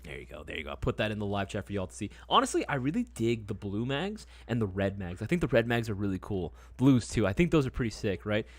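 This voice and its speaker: A man's voice: on the low side, very animated, quick pace, hardly any pauses, no room sound. Laid-back slangy young man, dry sound. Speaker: livestream host. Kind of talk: casual live-stream product chat.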